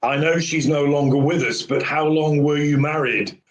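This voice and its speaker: A man's voice: fairly high pitch, fairly even intonation, moderate pace, over a noisy crowd. A male interviewer asking questions in a courteous, effusive manner. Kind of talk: conversational interview. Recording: echoey room.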